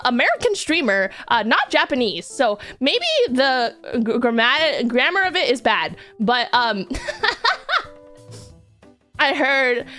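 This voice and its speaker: A woman's voice: high-pitched, fairly bright tone. A young woman streaming, chatting casually in a rambling, giggly, self-deprecating way. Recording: faint music behind.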